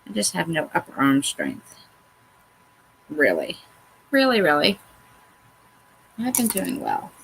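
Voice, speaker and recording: A woman's voice: low voice, wildly swooping pitch, unhurried, vocal fry, long pauses, slight background noise, low-quality recording. A woman hosting a crafts tutorial, chatting casually and talking to herself as she works, poking fun at her own mistakes. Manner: chatty, talks to herself while working, self-mocking. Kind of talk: casual how-to talk while working.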